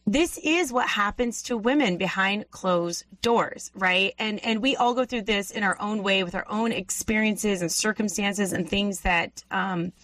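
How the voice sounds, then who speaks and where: A woman's voice: medium pitch, a little slow, hardly any pauses, fairly bright tone, no echo, poor audio. Female host for a faith-based interview, earnest and probing, dry close mic. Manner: earnest, probing, repeats her questions. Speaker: podcast host.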